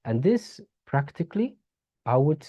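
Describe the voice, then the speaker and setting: A speaker giving a slow, reflective webinar talk over a video call, searching for words and laughing softly now and then. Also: medium pitch, sing-song.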